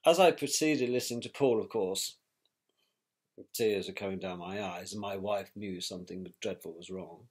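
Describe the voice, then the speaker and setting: A middle-aged man, recalling a painful family event in a measured, reflective way with pauses and restarts. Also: on the low side, fairly even intonation. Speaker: interviewee, victim's brother. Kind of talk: personal recollection.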